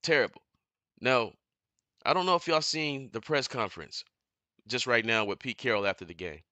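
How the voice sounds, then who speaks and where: Man, angry sports rant, profane, repetitive, bright tense voice, dry close mic. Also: mid-range voice, normal speed, no room sound, muffled recording. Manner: heated, profane, repeats himself, builds to shouting. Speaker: sports commentator streamer. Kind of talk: angry fan rant on a live stream. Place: home living room.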